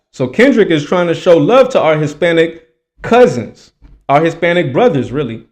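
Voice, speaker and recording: A man hosting a reaction commentary, talking in an emphatic, preachy, repetitive way. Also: sits high. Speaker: commentary host.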